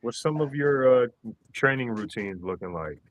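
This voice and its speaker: A man's voice: medium pitch, expressive, moderate pace, rough recording. A man co-hosting a podcast, talking in an easygoing, affirming way. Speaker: podcast co-host. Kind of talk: casual chat.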